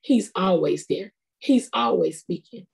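A woman's voice: medium pitch, lively intonation, unhurried, gravelly, a little mellow. A middle-aged woman, preaching a sermon in an earnest, conversational, colloquial way. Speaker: prophetess preaching.

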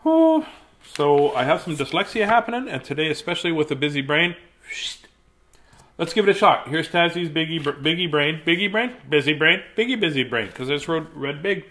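A man's voice: on the high side, expressive, moderate pace, a bit bright. A middle-aged man, chatting casually and greeting viewers by name at home before reading a children's book aloud. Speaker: children's book reader on a livestream.

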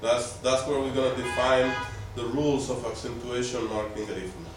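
A man teaching a language class, explaining slowly and patiently and repeating his words. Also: medium pitch, fairly even intonation, over music. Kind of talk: classroom lesson. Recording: very echoey room, mic far off.

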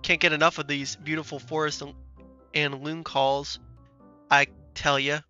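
A man's voice: fairly high pitch, level tone, unhurried, bright, forceful tone, clean tone, highs cut off, faint music behind. A man voicing a folksy Canadian lumberjack character in a game, with a Canadian accent and a hearty drawl full of "eh".

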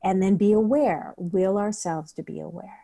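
Woman guest, breathwork teacher, earnest conversational delivery with a warm, dark tone. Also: medium pitch, moderate pace, gravelly. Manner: earnest, acts out her own inner questions. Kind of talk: conversational interview.

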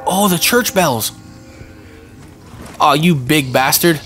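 Excitable gamer guy yelping over gameplay. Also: on the high side, slow. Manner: excitable, yelps and repeats himself in tense moments; casual slangy talk. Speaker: gaming channel host. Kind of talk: let's-play gameplay commentary. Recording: game music playing loudly underneath.

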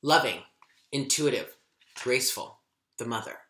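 A man's voice: a little high, animated, a little slow, long pauses, pushed and bright, roomy sound. A man giving a tarot reading in a vlog, talking candidly and with emotion, swearing now and then. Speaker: tarot reader.

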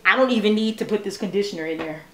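A woman vlogging at home, chatting excitedly with her viewers while demonstrating a hair brush. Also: mid-range voice, racing. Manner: excitable, chatty, addresses viewers as "you guys". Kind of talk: casual product demo chat. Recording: echoey room.

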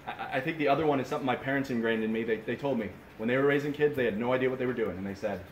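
A man in his thirties preaching a sermon at a camp, telling stories in an animated way and often restarting his sentences. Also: medium pitch, very fast. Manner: animated storytelling with frequent restarts. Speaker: pastor. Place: camp meeting room. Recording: roomy echo with faint hiss.

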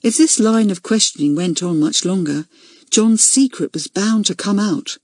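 A woman reading a children's book aloud, with expressive storytelling. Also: mid-range voice, moderate pace, no echo. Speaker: audiobook narrator. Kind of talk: scripted narration.

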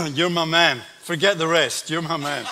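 A man's voice: a little high, a little slow, vocal fry, a little hiss or hum. An older man with a Scottish accent, a guest pastor telling stories and preaching to a congregation in a large church. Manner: warm storytelling with asides to the congregation. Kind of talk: sermon. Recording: church hall reverb.

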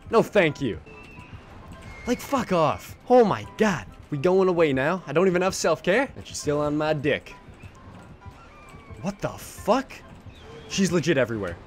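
A man commentating his own gameplay in a lively, higher-than-usual voice that jumps between low mutters and sudden yelps. He swears constantly and talks straight to his viewers. Faint game music plays underneath. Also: a little slow, pauses often. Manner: swearing, mutters asides and yelps when chased. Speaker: gaming channel host.

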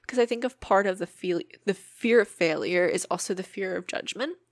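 A woman's voice: medium pitch, brisk, dry recording, studio quality. A woman hosting her own podcast, talking earnestly and emotionally in a personal monologue and swearing freely. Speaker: podcast host.

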